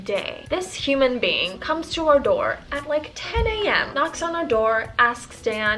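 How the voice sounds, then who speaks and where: A woman from Tanzania telling a storytime vlog in a chatty, animated and dramatic way. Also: on the high side, a little slow, few pauses. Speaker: vlogger.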